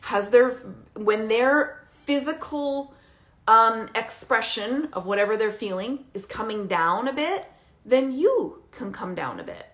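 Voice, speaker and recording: Animated, emphatic woman coaching parents. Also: fairly high pitch, a little slow. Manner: animated, emphatic, repeats "okay?" to check in. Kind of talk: direct-to-camera coaching talk.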